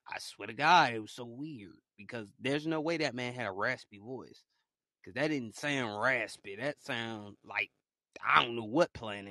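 Excitable man rambling in a dry close-mic'd room. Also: no echo. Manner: rambling, excitable, swings between low mutters and loud outbursts. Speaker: podcaster. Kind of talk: casual solo monologue.

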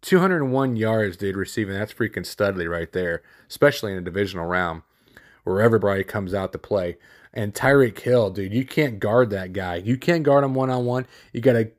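A man hosting a solo sports podcast, rambling and opinionated, with lots of fillers, restarts and casual slang. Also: mid-range voice.

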